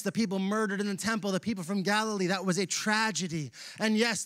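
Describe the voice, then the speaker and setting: A male pastor preaching a sermon in a church, casual and animated, using slang as he retells a Bible passage. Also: sits high, no echo, clean studio sound. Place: church sanctuary.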